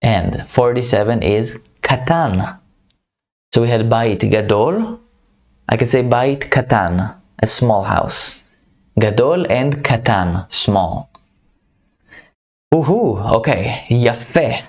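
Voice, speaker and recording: Slow, patient man teaching words. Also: medium pitch, a little mellow. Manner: slow, repeats each word several times. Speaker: Hebrew teacher. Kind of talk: beginner vocabulary lesson.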